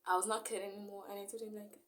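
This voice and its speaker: A woman's voice: mid-range voice, flat delivery, racing. A young woman, recounting a story in a rambling vlog style full of fillers. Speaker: vlogger.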